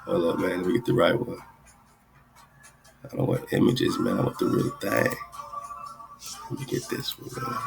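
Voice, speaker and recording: A man's voice: sits low, wildly swooping pitch, normal speed, vocal fry, long pauses, music in the background. A man hosting a radio talk show, rambling through ideas in casual commentary and tagging his lines with "right?" and "man". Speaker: radio host. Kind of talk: casual esoteric commentary over screen share.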